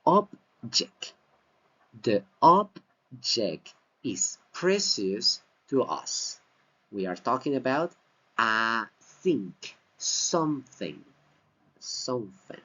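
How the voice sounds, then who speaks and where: A man whose first language is Spanish, teaching English pronunciation and stressing each word slowly and clearly. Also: mid-range voice, very animated, fairly bright tone. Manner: exaggerated word stress, repeats words slowly. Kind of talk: slow deliberate pronunciation lesson. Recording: slightly dull lo-fi recording.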